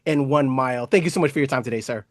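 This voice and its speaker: A man's voice: medium pitch, racing, no echo, clean studio sound. A man interviewing an actor, effusive and respectful, praising the guest and calling him sir. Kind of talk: enthusiastic interview host.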